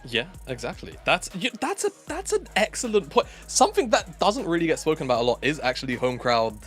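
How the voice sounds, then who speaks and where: A man co-casts a live esports show, talking in a loose, rambling way and correcting himself as he goes. His pitch swings widely and lively. Faint music sits under his voice. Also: a little fast. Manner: rambling, self-correcting, playful. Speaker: esports caster. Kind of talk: casual live esports commentary.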